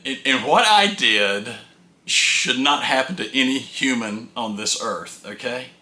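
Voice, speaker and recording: A folksy man spins a rambling travel tale and doubles back on his words as he talks. His voice is very bright and sharp, and it rings around a roomy, echoey space. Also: mid-range voice, lively intonation, measured pace. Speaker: RV traveler telling road stories. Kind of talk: casual first-person storytelling.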